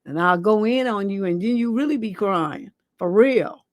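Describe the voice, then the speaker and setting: A woman's voice: medium pitch, lively intonation, normal speed, no echo, clean studio sound. A woman hosting a livestream advice show as a relationship coach, giving blunt, profane, scolding advice.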